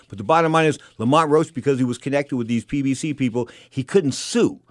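A man's voice: medium pitch, fairly quick, few pauses, no room sound, clean studio sound. An older man hosting a boxing talk radio show, rambling and opinionated, often repeating himself in a casual monologue.

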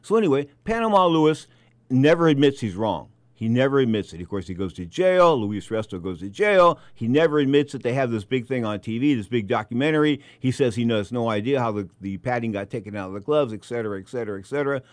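A man's voice: medium pitch, animated, fast talker, dry recording. A male talk show host in full storytelling mode, repeating his points and building to angry peaks. His voice sits in a middle register. The sound is dry and close with no room around it. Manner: emphatic, repeats phrases, storytelling with bursts of anger. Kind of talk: animated radio talk show monologue.

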